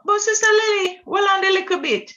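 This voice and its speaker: A woman in a religious group discussion, affirming and testifying in a lively way. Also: very high voice, a little fast, highs cut off. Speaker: study group member.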